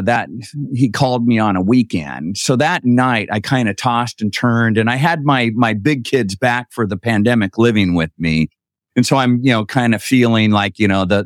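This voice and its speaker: A middle-aged man telling a story as a podcast guest, acting out quoted dialogue with lively voices. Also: on the low side, normal speed, no room sound, studio quality.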